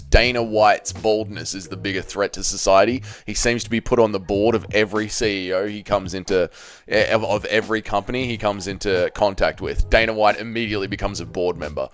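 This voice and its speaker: A man's voice: on the low side, steady tone, fairly quick. Australian man chatting on a stream. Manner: banters with viewers, swears freely. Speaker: streamer reading chat. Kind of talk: casual live-stream chat.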